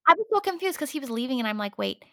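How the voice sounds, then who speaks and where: Woman co-host, casual recap chat, lively and exasperated, dry close sound. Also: high-pitched, no echo. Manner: animated, exasperated, quick to laugh. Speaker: podcast co-host.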